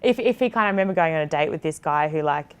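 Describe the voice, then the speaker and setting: A woman's voice: sits low, animated, quick pace, clean tone. A woman in her thirties with an Australian accent, a TV presenter chatting as an interview guest in a rambling way, full of fillers and restarts. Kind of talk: casual interview chat.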